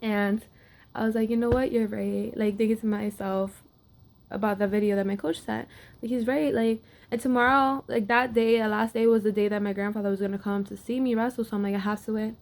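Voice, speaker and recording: A woman's voice: medium pitch, steady tone, brisk, gravelly, darkish tone. A young woman athlete casually telling a personal story to camera, with lots of filler words. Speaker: wrestler.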